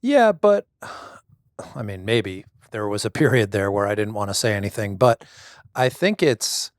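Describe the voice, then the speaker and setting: A man's voice: on the low side, big pitch swings, unhurried, no room sound, clean studio sound. A middle-aged man reflecting thoughtfully and hesitantly in a casual conversation, often restarting his sentences. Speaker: guest, husband.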